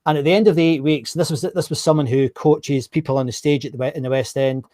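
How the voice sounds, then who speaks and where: Scottish guy hosting a live stream, chatty, kinda high voice, dry close sound. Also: fairly even intonation, quick pace, warm tone, dry recording. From Scotland. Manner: chatty, self-correcting, reads out viewer comments. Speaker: host. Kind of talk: live-streamed interview chat.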